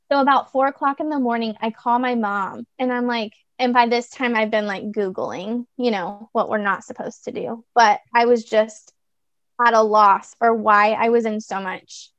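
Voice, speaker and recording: A woman's voice: a little high, fairly even intonation, normal speed, no echo. A young woman telling a personal story as a podcast guest, chatty, with many fillers and restarts. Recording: dull lo-fi dry recording.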